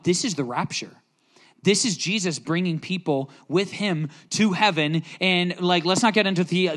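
A man's voice: on the high side, fairly bright tone. A young man preaching as a youth pastor, telling a personal story earnestly and emotionally, with many restarts. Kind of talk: sermon.

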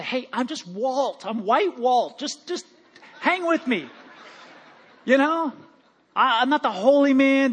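High-voiced man preaching a lively sermon. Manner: animated, joking, lively storytelling with acted-out quotes. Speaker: pastor. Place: church sanctuary.

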